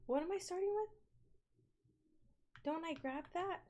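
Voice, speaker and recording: A young woman who is sick, giving casual commentary on a horror game, screaming loudly at scares and then chattering and apologizing. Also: very high-pitched, a little slow. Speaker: gaming streamer.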